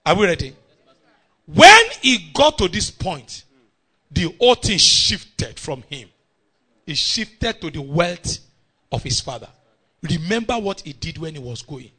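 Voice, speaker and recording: A middle-aged man with a Nigerian accent preaching a sermon, animated and often breaking into shouts as he calls out to the congregation. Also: fairly high pitch, measured pace, long pauses, breathy edge.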